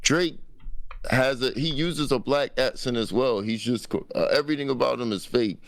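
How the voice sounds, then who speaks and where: A podcast co-host with a mid-range, slightly bright voice chats casually at a moderate pace on a dry recording. He's blunt and emphatic and swears freely.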